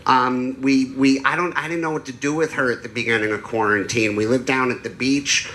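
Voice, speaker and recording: Guy doing standup on a club stage, bright tone, deadpan dirty jokes, handheld mic. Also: medium pitch, brisk, a little hiss or hum. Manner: deadpan storytelling with crude jokes. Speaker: stand-up comedian. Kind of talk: stand-up set.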